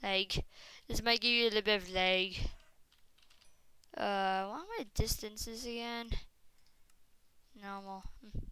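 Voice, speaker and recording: A woman doing casual game commentary, talking to viewers and bursting into frustrated shouts. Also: mid-range voice, slow, long pauses, smooth, dry recording. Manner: talks straight to viewers as "guys". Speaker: gaming commentator.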